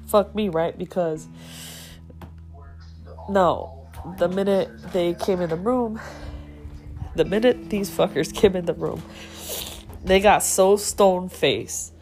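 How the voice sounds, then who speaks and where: Woman host, slow and low-pitched, emotional and profane personal storytelling, faint guitar music underneath. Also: darkish tone. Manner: raw, emotional, heavy swearing. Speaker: podcast host.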